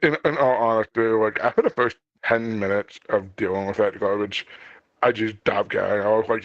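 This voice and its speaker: A man's voice: on the low side, fairly even intonation, moderate pace, dry recording, muffled recording. A man talking as a guest on a casual podcast, rambling and stammering, often restarting his sentences.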